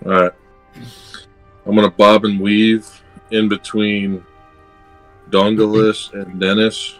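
A man's voice: on the low side, little pitch movement, takes it slowly, faint music behind. Brash joking man playing a tabletop game. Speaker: player. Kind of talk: casual tabletop game chat.

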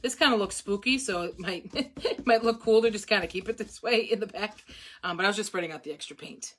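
A woman's voice: medium pitch, brisk, poor audio. A woman chatting casually while she crafts, rambling from one topic to another and laughing often. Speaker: craft vlogger. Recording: loud hair dryer noise.

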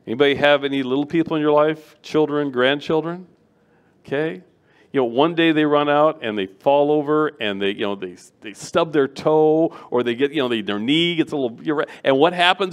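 A middle-aged man giving a sermon as a guest preacher, animated and acting out the voices of people he quotes. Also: medium pitch, moderate pace, pauses often.

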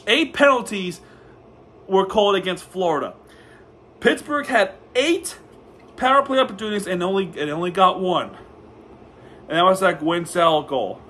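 A high-pitched man gives a casual play-by-play recap as a hockey fan, tripping over names and correcting himself as he goes. His voice is bright and forceful, with a faint hiss of noise behind it. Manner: excitable, stumbling, self-correcting fan commentary.

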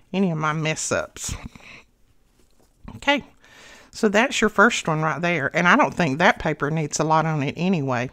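A woman's voice: lowish voice, a bit bright. A woman hosting a casual craft tutorial, talking to viewers as she works and a little out of breath. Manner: chatty, talks to viewers while working. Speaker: craft channel host.

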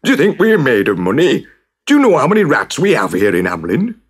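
A man's voice: medium pitch, wildly swooping pitch, moderate pace, husky, pitched above the performer's own voice, full character voice. A man voicing a flustered, blustering town mayor who hems and stammers in a spoken storybook. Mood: indignant. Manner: dithering, hemming and stammering.

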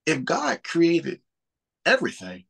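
A man's voice: on the high side, huge pitch swings, slow pace, vocal fry, a bit bright, husky. A man, talking about faith in a casual, earnest way and often repeating words as he thinks. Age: 30s.

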